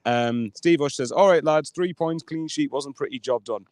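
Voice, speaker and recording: A man's voice: a little high, normal speed, darkish tone, no room sound. A man co-hosting a live football fan show, teasing and joking as he reads out viewer comments. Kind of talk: live fan podcast chat.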